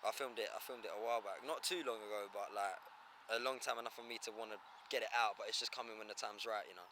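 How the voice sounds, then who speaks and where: A man's voice: on the low side, steady tone, fast talker. A man with an Essex English accent, a rapper talking casually in an outdoor interview, laid-back and full of slang and swearing. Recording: faint street noise.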